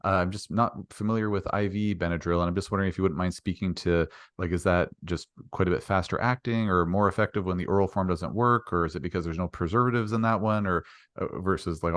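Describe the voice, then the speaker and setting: A man's voice: low-pitched, steady tone, fast talker, no echo, studio quality. A man hosting an interview, asking hesitant questions with many fillers and apologies. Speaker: interview host.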